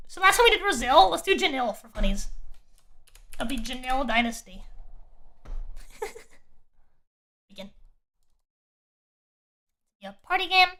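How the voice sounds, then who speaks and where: High, lively woman streamer chatting. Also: a little slow, pauses often. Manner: rambling, chatty, self-interrupting, laughs often. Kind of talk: casual live-stream gameplay chat.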